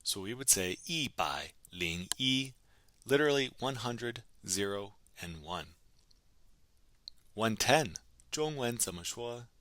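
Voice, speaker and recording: Bright-voiced male language teacher. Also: mid-range voice, lively intonation, takes it slowly, no room sound. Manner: patient drilling, prompts then answers in Chinese. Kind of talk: recorded lesson narration.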